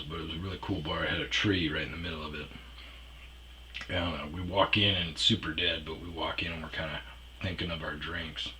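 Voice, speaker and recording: A man's voice: deep voice, bright, forceful tone, slight background noise, low-quality recording. A man telling a rambling personal story in a casual, profane way, trailing off with fillers. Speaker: storyteller host.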